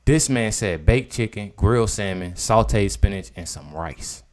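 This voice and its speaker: Animated man reacting loudly to a clip. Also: lowish voice, measured pace. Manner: animated, incredulous, swings between loud outbursts and mutters. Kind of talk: casual reaction commentary.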